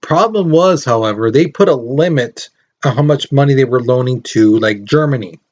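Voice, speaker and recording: A man's voice: mid-range voice, moderate pace, darkish tone, highs cut off. A man teaching a recorded history lesson in a casual, rambling way, with lots of fillers.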